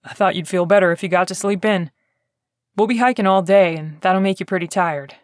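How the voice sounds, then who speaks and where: A woman voicing a young, gentle Southern man working as a protective bodyguard in an audiobook, speaking easily in a slightly lowered voice. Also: fairly even intonation, brisk, dry recording, studio quality, close to an everyday voice. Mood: caring. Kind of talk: audiobook character voice.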